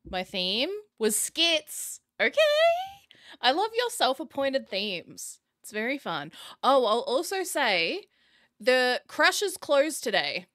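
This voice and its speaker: A woman streamer chats with her viewers in an unhurried, giggly way, her pitch bouncing up and down. Her voice is bright and forward. The sound is close and dry. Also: very animated, no room sound. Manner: giggly, chatty, addresses chat directly. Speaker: streamer host. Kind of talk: casual live-stream chat reacting to viewer clips.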